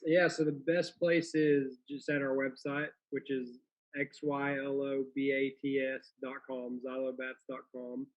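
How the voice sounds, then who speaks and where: A young man, a guest in a casual interview, talking in a friendly, relaxed way and explaining things plainly. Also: medium pitch, measured pace. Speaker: guest, small business owner. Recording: slightly dull lo-fi audio.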